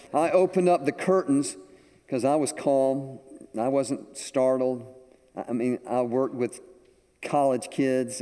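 An older man preaching a sermon, telling a story with animated delivery to a congregation. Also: medium pitch. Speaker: pastor. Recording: echoey hall with long reverb.

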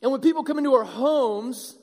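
A man preaching a sermon as pastor, animated and acting out the voices of a crowd. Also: extremely high pitch, brisk. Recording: long hall reverb.

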